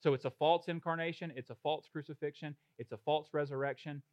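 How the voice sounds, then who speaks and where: Guy preaching a sermon, kinda high voice, gets loud and punchy with lots of repeating. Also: fairly even intonation, brisk, no room sound, highs cut off. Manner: builds to loud emphatic preaching, rhythmic repetition. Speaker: pastor.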